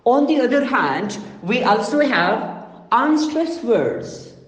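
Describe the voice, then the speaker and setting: A man giving a slow, deliberate lecture on phonology, repeating his points and listing terms one by one. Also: extremely high pitch, very animated, fairly bright tone, lo-fi sound. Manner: slow, deliberate, repetitive phrasing with lists. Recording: echoey room with long reverb.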